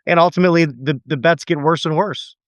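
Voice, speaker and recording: A man's voice: on the high side, brisk, dry recording. A man hosting a podcast interview, speaking earnestly and reflectively, repeating words as he thinks. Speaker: podcast host. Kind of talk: conversational interview.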